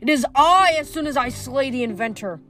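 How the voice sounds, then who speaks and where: A woman's voice: high voice, expressive, fairly quick, a bit bright, faint music behind. A woman reading aloud, voicing the sneering ghost of a dead king in a storybook.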